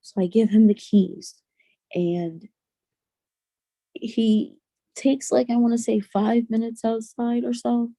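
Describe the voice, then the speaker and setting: A young adult woman, a podcast guest, telling a personal story in an earnest, halting way with many restarts. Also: a little high, fairly even intonation, dark tone, dry recording.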